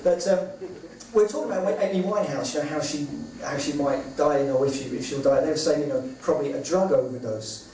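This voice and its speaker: Halting man in an echoey club. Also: on the high side, warm tone. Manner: halting, with many ums and uhs. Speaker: stand-up comedian. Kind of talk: stand-up one-liners. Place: comedy club stage. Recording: echoey club from far off, noisy. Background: audience laughter.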